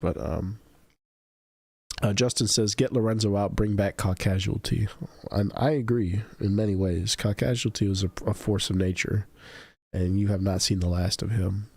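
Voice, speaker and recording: A man hosting a casual podcast livestream, telling stories and doing high-pitched voices for the people he quotes. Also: steady tone, moderate pace, gravelly, darkish tone, husky, no echo, clean studio sound. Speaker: podcast host.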